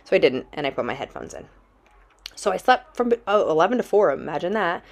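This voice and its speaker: Low-voiced woman telling a dramatic story. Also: big pitch swings, brisk, gravelly. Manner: dramatic, chatty, heavy use of "like". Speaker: travel vlogger. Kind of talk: casual storytelling to camera.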